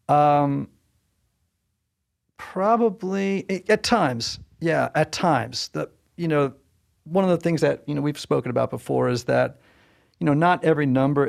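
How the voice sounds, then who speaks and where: A man's voice: fairly high pitch, creaky, darkish tone. A man from Southern Connecticut co-hosting a podcast, talking in a thoughtful, chatty way with many "you know" fillers. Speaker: podcast co-host. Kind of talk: casual podcast chat.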